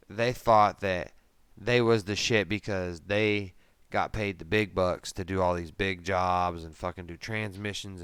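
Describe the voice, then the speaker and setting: A man's voice: deep voice, a bit bright, clean tone, dry recording. A man in his thirties, a podcast host, telling a rambling story in casual chat, with constant swearing and filler words.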